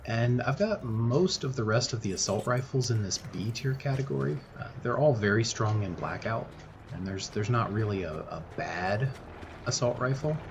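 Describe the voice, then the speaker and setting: A man giving relaxed gameplay commentary as a voice-over, thinking aloud with frequent fillers and restarts. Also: medium pitch, normal speed, muffled recording, noisy background. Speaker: gaming YouTuber.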